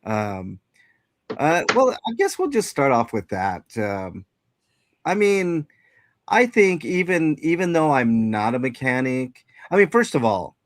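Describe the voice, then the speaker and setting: A man's voice: medium pitch, big pitch swings, a little slow. A man hosting a casual livestream chat, greeting viewers and rambling with many fillers and restarts. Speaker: livestream host.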